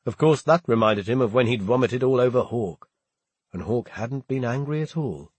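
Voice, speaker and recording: Husky, expressive male audiobook narrator. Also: mid-range voice, normal speed, dry recording. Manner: expressive storytelling. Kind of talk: scripted narration.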